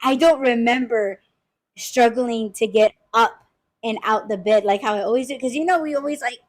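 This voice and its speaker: A woman's voice: a little high, moderate pace. A young woman hosting a podcast, telling a profane story with lots of laughing. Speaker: podcast host. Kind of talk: casual chat.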